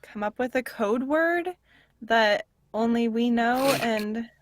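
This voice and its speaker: A woman playing a tabletop role-playing game, chatty and quick to laugh, often asking questions. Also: fairly high pitch, background noise. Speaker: player. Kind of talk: casual tabletop role-play.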